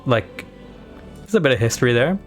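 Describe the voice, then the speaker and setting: A man's voice: medium pitch, expressive, brisk, soft background music. A man streaming live, reacting bluntly and profanely while thinking aloud. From Pakistan or India. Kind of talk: casual live-stream commentary.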